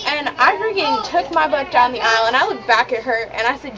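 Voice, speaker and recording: A woman's voice: sits high, fairly quick, few pauses, crowd noise. Chatty indignant teen girl on webcam. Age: teens. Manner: chatty, indignant, many "like" fillers. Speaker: vlogger. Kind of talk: casual chat to camera. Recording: dull lo-fi webcam audio with clear background hiss.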